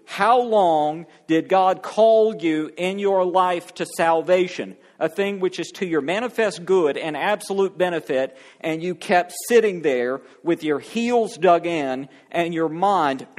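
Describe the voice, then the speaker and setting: A man preaching a sermon, reading scripture aloud and then exhorting the congregation, stretching words out slowly for emphasis. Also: fairly high pitch. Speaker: pastor.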